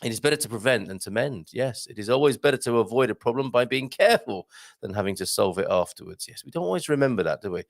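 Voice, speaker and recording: A man's voice: medium pitch, animated, fast talker, vocal fry, dry recording, studio quality. A man hosting a live morning show, chatting casually and joking while reading out viewer comments. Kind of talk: casual live-stream chat.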